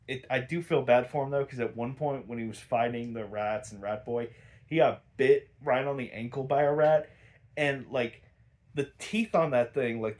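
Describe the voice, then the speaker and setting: A man's voice: mid-range voice, a little mellow. A young man reviewing a cartoon episode in casual, rambling chat, swearing often, sighing and exasperated. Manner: sighs a lot, frequent fillers.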